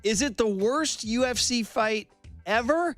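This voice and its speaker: A man hosting a sports talk radio show, animated and joking in a slangy, casual way. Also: extremely high pitch, a little slow, faint music behind.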